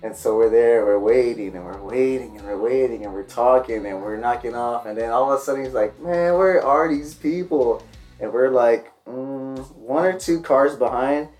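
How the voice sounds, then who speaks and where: Animated storytelling man on a podcast. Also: mid-range voice, normal speed, few pauses, soft background music. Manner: animated, acts out the people in his stories. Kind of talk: casual storytelling chat.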